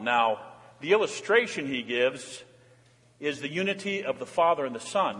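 A man's voice: mid-range voice, expressive, moderate pace, a bit bright. An older man, a pastor preaching a sermon in a church, with earnest emphasis that rises and falls. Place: church sanctuary. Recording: long hall reverb.

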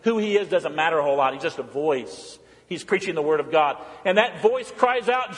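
A man preaching a sermon as pastor in a church, blunt and emphatic, swinging from loud calls to hushed pleading. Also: on the high side, animated, brisk, few pauses. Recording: church hall reverb.

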